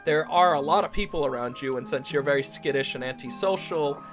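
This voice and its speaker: A man's voice: fairly high pitch, fairly quick, music in the background. A man narrating as game master of a tabletop game, rambling with frequent restarts and laughs.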